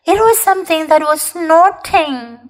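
Woman English teacher, native Mandarin, children's story reading; high, lively voice. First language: Mandarin Chinese. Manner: slow, expressive storytelling.

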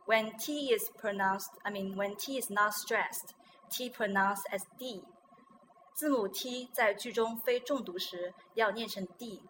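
Woman teacher with a Chinese accent, crisp bright tone, methodical drilling of English words. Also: medium pitch, a little hiss or hum, poor audio. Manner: repeats words after the guest and checks them. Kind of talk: bilingual pronunciation lesson.

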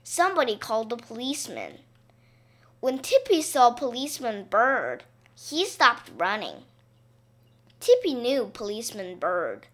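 A woman reads a children's storybook aloud, slowly and expressively. Her voice is high and bright, with wide, lively swings in pitch. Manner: slow, expressive read-aloud.

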